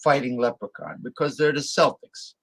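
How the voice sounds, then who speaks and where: A man's voice: medium pitch, steady tone, moderate pace, husky. A man talking casually from his home desktop, rambling with many restarts. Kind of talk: casual chat. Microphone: desktop computer mic.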